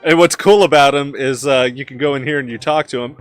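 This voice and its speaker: A man's voice: medium pitch, fairly quick, hardly any pauses, faint music behind. A man chatting casually while playing a video game, giggly and self-mocking as he talks. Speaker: let's play host. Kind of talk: casual gameplay commentary.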